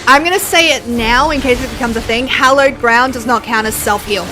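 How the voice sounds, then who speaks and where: A woman's voice: a little high, brisk, over music, poor audio. A woman from Australia with an American accent, chatting bluntly and swearing freely while she plays a game on a live stream. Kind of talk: casual live-stream chat while gaming.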